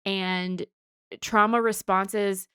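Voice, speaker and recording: Woman podcast co-host, analytical and reflective, smooth clear voice, dry close sound. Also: medium pitch, fairly even intonation, very slow, bright, forceful tone, no echo. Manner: thoughtful, analytical, with restarts. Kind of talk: casual discussion of comics and psychology.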